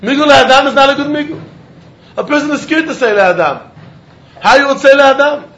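High-voiced man giving a lively Talmud lecture. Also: lo-fi sound. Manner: animated, sing-song reasoning with quick laughs. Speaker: Talmud teacher.

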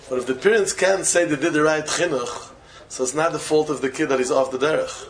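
A man, a rabbi, giving a Torah lecture in English full of Yiddish and Hebrew terms, with non-native phrasing, slowing to chant key phrases and breaking into sudden high exclamations. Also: slight background noise, low-quality recording. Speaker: rabbi teaching students. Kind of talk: Torah lecture to young men.

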